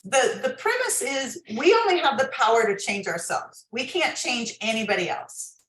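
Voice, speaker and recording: A woman's voice: fairly high pitch, animated, normal speed, a bit bright, echoey room, poor audio. A woman author, a guest on an interview podcast, explaining advice in a coaching tone. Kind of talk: interview, giving workplace advice.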